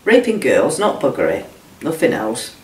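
A woman's voice: rumbling low, big pitch swings, moderate pace, far from the mic. Middle-aged woman, blunt and emotional, swears, echoey room, mic set back. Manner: blunt, swears, acts out quoted speech. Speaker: whistleblower guest. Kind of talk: emotional first-hand account.

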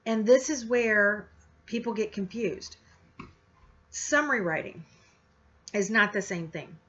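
A woman's voice: mid-range voice, slow, fairly bright tone. A woman teacher giving an informal, chatty lecture with many fillers and restarts. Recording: slightly dull lo-fi audio.

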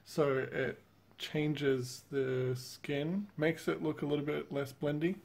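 A young man co-hosting an art channel, chatting in a relaxed way and trailing off mid-sentence. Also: a little high, takes it slowly, gravelly. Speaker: channel co-host. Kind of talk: casual chat over a drawing video.

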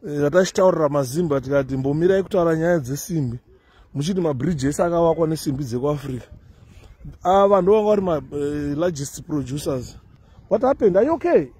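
A man from Zimbabwe, with a fairly high voice that carries a slight husk, talks his viewers through an outdoor city park. He keeps it loose and conversational, drifting between asides, and a handheld phone catches him outdoors. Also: fast talker, dark tone, breathy edge. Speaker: vlogger. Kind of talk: casual walking commentary.

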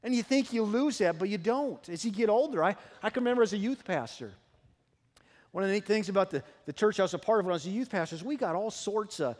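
A male pastor preaching a sermon, telling lively, humorous stories from his own life. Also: high voice, fast. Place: church sanctuary. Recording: long hall reverb in a church.

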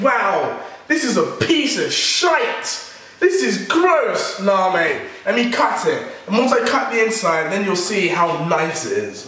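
A man hosting a comedy vlog, excitable and exaggerated, swearing freely. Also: high-pitched. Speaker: YouTube host. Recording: echoey room, distant mic, background music.

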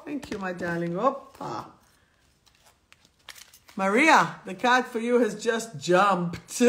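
A woman's voice: fairly low pitch, creaky, a bit bright. A woman hosting a live stream, reading affirmation cards to viewers and repeating them, often laughing.

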